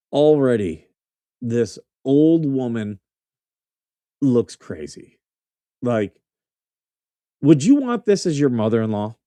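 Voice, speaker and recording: A man hosting a casual news show speaks in a dark, mellow voice and a middle pitch. He talks bluntly and mockingly, with plenty of swearing. The sound is dry and close, with little room echo. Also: big pitch swings, slow pace, pauses often. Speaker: host. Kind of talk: casual commentary on news clips.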